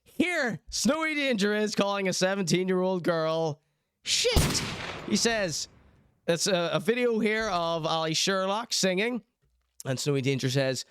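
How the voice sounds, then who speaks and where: A man's voice: high voice, lively intonation, measured pace, over music. A man hosting a show, talking casually and teasing, often breaking into laughter as he speaks. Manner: laughs mid-sentence, teasing. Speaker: host. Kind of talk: casual mocking commentary.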